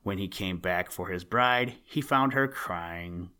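Low-voiced man reading a storybook. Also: takes it slowly, bright, forceful tone, clean tone. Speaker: podcast host and story reader. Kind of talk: storybook narration.

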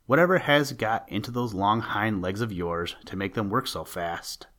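A man's voice: fairly low pitch, moderate pace, fairly bright tone, close to an everyday voice. A man voicing a curious male skunk who teases and scolds with mock severity in a storybook reading. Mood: teasing. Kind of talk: storybook character voice.

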